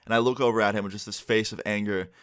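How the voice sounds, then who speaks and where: A young man vlogging a storytime, telling it in a lively, animated way with swearing. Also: on the low side, fast, smooth. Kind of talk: storytime vlog.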